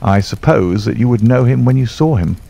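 A man voicing a calm, imperturbable male detective in an audiobook, measured and dry. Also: medium pitch, vocal fry. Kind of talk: audiobook character voice.

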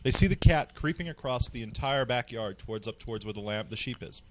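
A man's voice: mid-range voice, lively intonation, a little fast. A man co-hosting a casual radio show, telling a rambling story with lots of "basically" and "uh".

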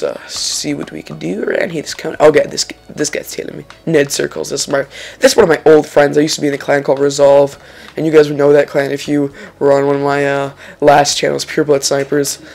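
A young man giving casual, excitable let's-play commentary over a racing game, swearing and exclaiming when he makes mistakes. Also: fairly high pitch, vocal fry. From Lithuania. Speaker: gaming channel host.

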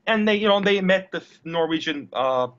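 A man's voice: high voice, lively intonation, normal speed. A young man in a casual interview, rambling and blunt, who swears and repeats his words. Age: young adult. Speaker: interview guest. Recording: dull lo-fi recording.

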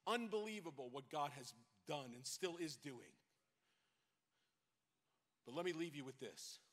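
A man's voice: a little high, animated, unhurried, a bit bright. A middle-aged pastor from New York with a New York accent, preaching a sermon and exhorting his congregation with rising intensity. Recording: long hall reverb.

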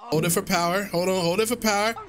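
A man giving casual, excitable gameplay commentary, loud and profane, with plenty of slang. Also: high-pitched, fast talker, background noise. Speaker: gaming YouTuber.

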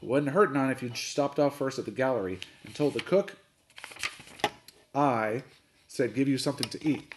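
A man voicing a gruff old sea captain who bellows orders and roars at everyone. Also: medium pitch, normal speed, pauses often, noisy background, lightly acted. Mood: blustering. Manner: roaring, barking orders.

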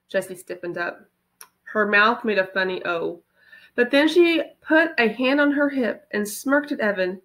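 Expressive woman reading a children's book. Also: medium pitch, a little slow. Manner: expressive storytelling. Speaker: teacher reading aloud. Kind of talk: children's book read-aloud.

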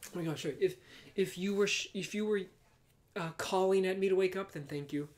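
Cast a man as a playful preschool music teacher on a live stream, fairly high voice, giggly, sometimes whispering. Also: a little fast, slight background noise. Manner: playful, apologetic, laughs often, drops to soft whispers. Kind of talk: live-streamed kids' music and movement class.

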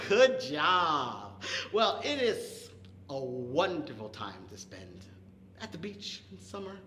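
A man's voice: a little high, pushed and bright, roomy sound, a little hiss or hum. A man leading a toddler storytime, telling a story with playful animal and vehicle noises. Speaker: children's librarian. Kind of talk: toddler storytime with sound effects.

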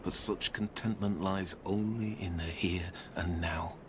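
An actor playing a weary sellsword from a fallen land who speaks slowly and solemnly. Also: male voice, sits low, fairly even intonation, noisy background. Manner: slow, solemn, brooding. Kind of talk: game dialogue.

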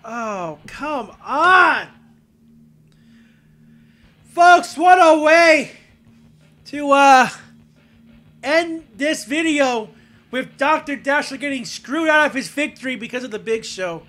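Man, very high voice, bright and piercing, animated wrestling game commentary, mock-outraged shouts. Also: slow pace, long pauses. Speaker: gameplay commentator. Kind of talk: excited play-by-play of a wrestling video game.

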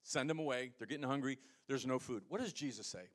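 A man preaching a sermon as pastor, with an American accent, swinging between loud emphatic lines and quiet low asides. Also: quick pace.

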